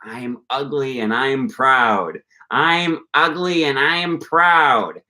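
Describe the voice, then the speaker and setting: A man voicing a cheerful, excitable cartoon sea sponge, chanting in a sing-song way. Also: mid-range voice, takes it slowly, voice pushed up. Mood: gleeful.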